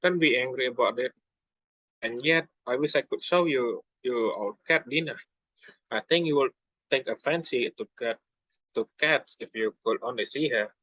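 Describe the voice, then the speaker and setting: A man's voice: medium pitch, normal speed, sharp tone, no echo, dull audio. A young man voicing Alice, a polite, chatty little girl, in a storybook reading, stumbling over words.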